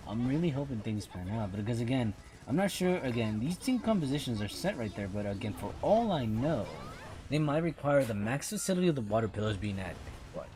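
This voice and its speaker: A man's voice: medium pitch, a little mellow, a little hiss or hum. A man streaming a mobile game, rambling through casual commentary and often repeating himself.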